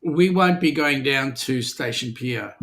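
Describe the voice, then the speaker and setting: A man's voice: mid-range voice, unhurried, a bit bright. An Australian man hosting a casual livestream chat, joking around and reading out viewer comments. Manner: jokey, reads out viewer comments. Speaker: host.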